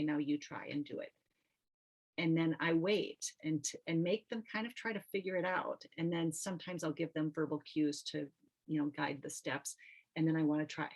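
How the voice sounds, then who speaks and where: Middle-aged woman, low voice, easygoing workshop talk over a video call, lots of ums and restarts. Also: low-quality recording. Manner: relaxed, conversational, with frequent ums and restarts. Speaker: teaching artist and nurse. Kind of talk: online training workshop. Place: home or studio, video call. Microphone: computer mic on video call.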